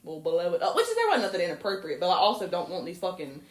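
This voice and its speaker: A young woman tells stories on a casual podcast, cursing freely and breaking into high laughs. Her pitch swoops widely. The room gives her voice a roomy echo. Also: very fast. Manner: animated storytelling, swears freely, bursts into high laughter. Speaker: podcast co-host. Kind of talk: casual chat.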